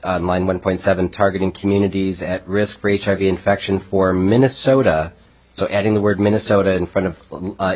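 A man serving as a state representative speaks in a committee hearing. His voice is very low and husky, and he halts and restarts often. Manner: halting, fumbling for words.

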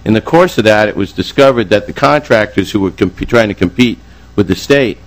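A man's voice: lowish voice, expressive, brisk, poor audio. An older man testifying before a legislative committee, formal but rambling, with heavy filler sounds.

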